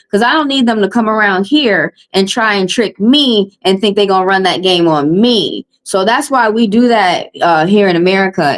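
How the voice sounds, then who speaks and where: A woman's voice: medium pitch, low-quality recording. A woman with a Southern US accent, a tarot reader venting bluntly and heatedly to her livestream viewers on a phone mic, repeating her points.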